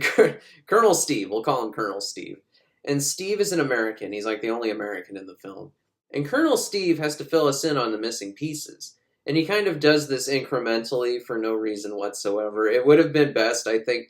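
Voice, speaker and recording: A man giving a casual, profane, sarcastic comedic recap of a movie, acting out the characters in quick voices. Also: mid-range voice.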